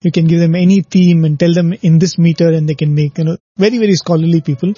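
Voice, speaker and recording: Older male guest, high pitched and husky, anecdotal storyteller; muffled recording, faint music. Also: dry recording. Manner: warm anecdotal, laughs often, uses "you know". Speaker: guest recounting stories. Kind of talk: conversational storytelling.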